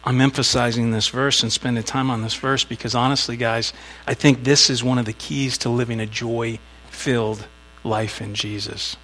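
A man's voice: medium pitch, fairly even intonation, normal speed, few pauses, fairly bright tone, rough recording. A man preaching a sermon in a conversational way, telling a story with little acted asides. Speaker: pastor.

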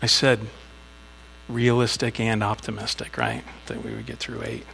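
Gravelly-voiced man preaching a sermon. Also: fairly low pitch, big pitch swings, normal speed, fairly bright tone, low-quality recording. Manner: storytelling with acted asides, conversational. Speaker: pastor.

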